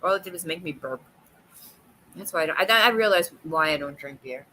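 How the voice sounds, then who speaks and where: Chatty woman streamer, bright voice, laughs a lot, restarts sentences, faint noise behind. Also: deep voice, lively intonation, fairly quick, low-quality recording. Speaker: livestream host. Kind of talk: casual chat with live viewers.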